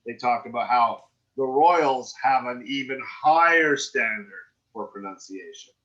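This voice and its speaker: A middle-aged male acting coach talks through a student's script at a middle pitch, wandering off on tangents and tagging his points with "right?". The sound is dull and lo-fi, like an online call. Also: measured pace, a bit bright. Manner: rambling, checks in with "right?" often. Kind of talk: giving script feedback in an acting class.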